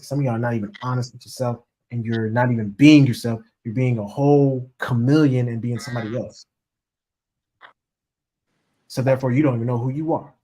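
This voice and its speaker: An energetic man in the role of a relationship coach, delivering a loose motivational talk at a middle pitch. He speaks to his listeners directly and plays out the lines of the people he quotes. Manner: animated, acts out quoted voices, addresses audience as y'all.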